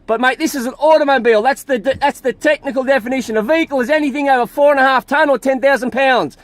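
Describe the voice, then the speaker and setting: Irate, high-voiced Australian man arguing. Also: fast, dry recording. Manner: irate, argumentative, swears heavily. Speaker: motorist stopped by police. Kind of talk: heated roadside argument. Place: outdoors by a road.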